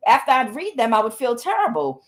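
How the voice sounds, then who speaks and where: A woman's voice: fairly high pitch, wildly swooping pitch, brisk. Blunt, emphatic woman telling a story. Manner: repeats words for emphasis. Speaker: tarot reader. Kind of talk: casual spoken monologue.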